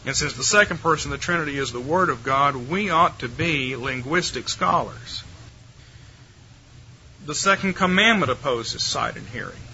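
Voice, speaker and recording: A man's voice: a little high, lively intonation, normal speed, creaky, pushed and bright, highs cut off, a little hiss or hum. An older man giving a theology lecture to a live audience in a wry, conversational way, putting rhetorical questions to his listeners.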